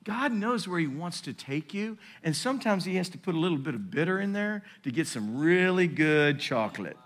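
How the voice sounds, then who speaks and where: A man in his fifties preaching a sermon in a church, swinging between loud emphatic peaks and hushed, low storytelling. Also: sing-song, normal speed. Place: church sanctuary.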